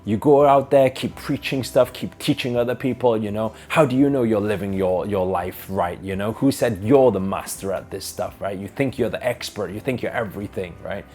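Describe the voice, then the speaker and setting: A man voicing a hostile, mocking young man who shouts abuse in a retold parable. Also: mid-range voice, quick pace, hardly any pauses, natural voice.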